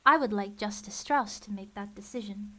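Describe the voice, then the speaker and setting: A woman's voice: mid-range voice, normal speed, fairly bright tone, lightly acted. A woman voicing an indignant, fussy male banker in a storybook reading. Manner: indignant, emphatic.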